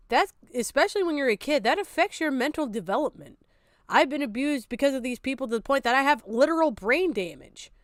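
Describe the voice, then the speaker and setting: High-voiced woman ranting on stream. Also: dry recording. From outside America. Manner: blunt, profane and exasperated. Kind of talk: reaction stream commentary.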